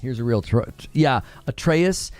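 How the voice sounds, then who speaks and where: A man's voice: mid-range voice, animated, a little slow, a little mellow, no echo, faint music behind. A man chatting casually on a gaming live stream, rambling and correcting himself as he talks. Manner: rambling, self-correcting, laughs often.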